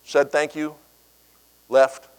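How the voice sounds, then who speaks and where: A middle-aged man giving a speech, telling a personal story with animated delivery and acting out the voices of the people in it. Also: fairly high pitch, very slow, smooth, rough recording. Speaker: keynote speaker.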